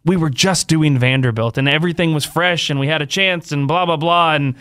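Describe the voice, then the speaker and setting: A man's voice: on the high side, brisk, fairly bright tone, clean tone. A man from Northern California, a radio host joking and laughing through a casual chat with his co-host.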